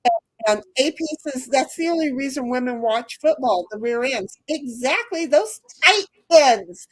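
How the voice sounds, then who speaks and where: A woman's voice: sits high, moderate pace. A woman hosting a casual livestream, reading out chat comments with loose swearing and frequent laughter.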